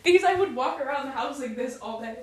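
A woman's voice: sits high, lively intonation, fast. A young adult woman hosting a podcast in casual chat, telling stories and laughing through them. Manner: chatty, laughs through her own stories. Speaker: podcast host.

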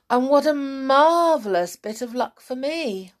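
A woman's voice: high voice, animated, slow pace, voice pushed up. A woman doing a sly, gloating old husband. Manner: sly, mock-sweet gloating.

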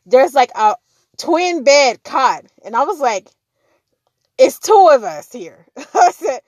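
A woman's voice: sits high, sing-song, slow pace, no echo. A woman telling a personal story in casual chat, acting out the dialogue and laughing often.

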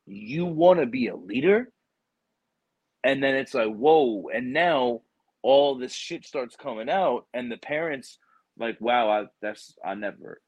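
Husky-voiced man telling rambling stories. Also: medium pitch, dry recording. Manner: rambling, animated storytelling with quoted dialogue and swearing. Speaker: military recruiter. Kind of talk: casual chat.

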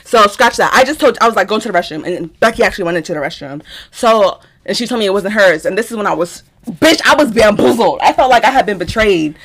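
Talking at a quick pace with hardly any pauses, a young adult woman podcast host recounts a story in her medium-pitched voice. She's casual and animated, swears freely and acts out other people's lines.

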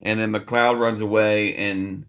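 Gravelly joking man on a podcast. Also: on the low side, flat delivery, slow, a bit bright, muffled recording. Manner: joking, swears freely, laughs often. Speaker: podcast co-host. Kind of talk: casual movie-review chat.

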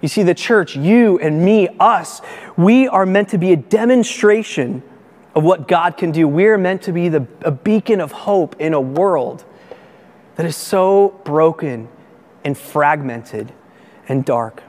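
A male pastor preaching a sermon earnestly, building to raised, animated emphasis. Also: fairly high pitch, unhurried, in a large hall.

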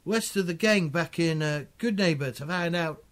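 A man voicing a gruff male gang thug who reports to his boss, with a southern-tinged drawl and stumbling speech. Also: fairly high pitch, moderate pace, lightly acted. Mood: worried. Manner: hesitant, stumbling mid-sentence.

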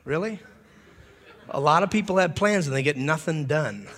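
A man preaching a humorous revival sermon, animated and often leaping into shouts. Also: fairly high pitch, a little fast. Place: church hall. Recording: long hall reverb.

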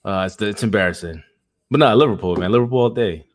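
A man chatting as a guest on a livestream, animated and joking, often tossing in the word "man.". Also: on the low side, fast talker. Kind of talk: casual chat on a livestream.

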